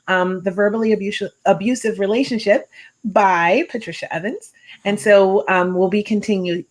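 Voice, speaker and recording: A woman hosting a podcast, chatting casually and encouragingly with her guest. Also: mid-range voice. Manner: encouraging, affectionate. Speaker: podcast host. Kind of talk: casual interview chat.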